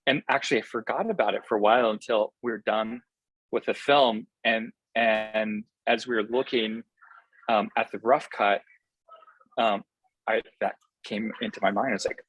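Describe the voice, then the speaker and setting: Man, film director guest, husky voice, dry close sound, earnest and halting. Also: lowish voice, fairly even intonation, no room sound, lo-fi sound. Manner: earnest, enthusiastic, halting with many fillers. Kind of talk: casual interview answers.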